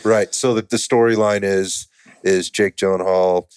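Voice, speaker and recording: A man's voice: low-pitched, steady tone, a little slow, darkish tone, clean tone, dry recording, clean studio sound. A man hosting a casual podcast interview, often affirming his guest and laughing along. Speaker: podcast host.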